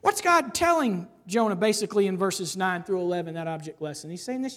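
High-voiced animated male preacher. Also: brisk. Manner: conversational, frequent "right?" asides; animated, often rising to emphasize. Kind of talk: expository sermon.

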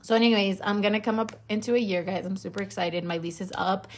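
A woman's voice: mid-range voice, fairly even intonation, fast, slight background noise. A young woman hosting her own podcast, chatting casually, joking and swearing, rambling with lots of fillers. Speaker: podcast host. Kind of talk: casual chat.

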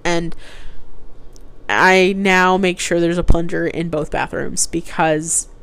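A woman's voice: on the low side, slow, gravelly, fairly bright tone, clear, resonant tone. A young woman rambling through embarrassing personal stories in casual chat, with lots of "like" and restarts. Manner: rambling, chatty, heavy use of "like". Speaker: host telling personal stories. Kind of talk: casual storytelling.

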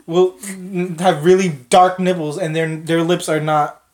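A woman's voice: on the low side, level tone, measured pace, a little mellow. A woman co-hosting a podcast, chatting casually with friends in a blunt, joking way and swearing now and then. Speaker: podcast co-host. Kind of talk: casual chat.

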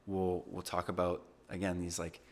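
Low, gravelly young man, earnest. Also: completely flat delivery, normal speed. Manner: earnest, reflective, many fillers. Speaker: podcast guest. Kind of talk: casual conversation.

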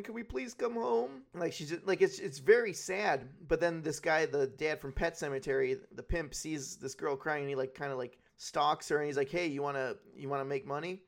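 A man co-hosting a podcast, talking in a loose, rambling way and swearing freely as he walks through film scenes. His voice is gravelly and sits a little high for a man. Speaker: podcast co-host. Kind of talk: casual podcast chat.

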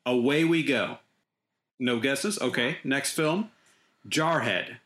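Relaxed male podcast host. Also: medium pitch, slow. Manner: relaxed, explains game rules plainly. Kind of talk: casual podcast hosting.

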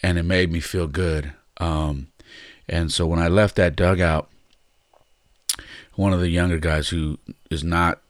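Very deep-voiced man telling a story. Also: measured pace, pauses often, no echo, studio quality. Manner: relaxed, reflective, with frequent fillers. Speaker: podcast host and baseball coach. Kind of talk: casual storytelling monologue.

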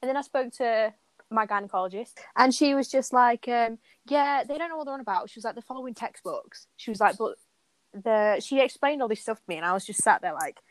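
A woman's voice: fairly high pitch, fairly quick, dry recording, low-quality recording. Blunt, swearing woman in casual chat. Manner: blunt, swears freely, animated.

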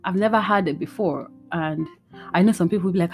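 Lady podcasting at home, tired and emotional, lowish voice, faint guitar music behind. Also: brisk, a little mellow. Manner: tired, emotional and rambling, mixing in Yoruba phrases. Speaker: podcast host. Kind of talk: casual solo podcast talk. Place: indoors at home.

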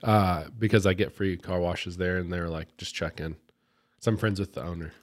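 A man's voice: low-pitched, steady tone, normal speed. A man co-hosting a podcast, telling a long story in casual chat with lots of fillers and restarts. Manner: rambling storyteller with many fillers. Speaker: podcast co-host.

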